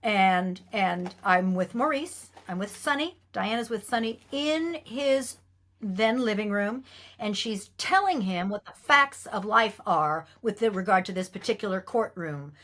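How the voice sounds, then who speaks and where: A middle-aged woman recounts stories from her work with lively, animated delivery. She slips into quoted voices and breaks into laughter along the way. Her voice sits at an ordinary middle pitch for a woman. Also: unhurried. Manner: lively storyteller, acts out quoted lines, laughs often. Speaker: guest actress. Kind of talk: animated anecdote telling.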